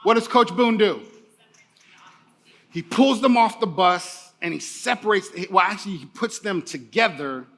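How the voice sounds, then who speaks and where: A man's voice: high voice, animated, measured pace, a bit bright. A middle-aged man giving a motivational keynote speech, emphatic and repeating key phrases for the audience. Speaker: keynote speaker.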